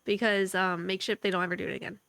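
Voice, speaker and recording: A woman co-hosting a casual gaming podcast, chatty and slightly nasal, reacting quickly to her co-host. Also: mid-range voice, fairly even intonation, gravelly, a bit bright, no room sound. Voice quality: a bit nasal.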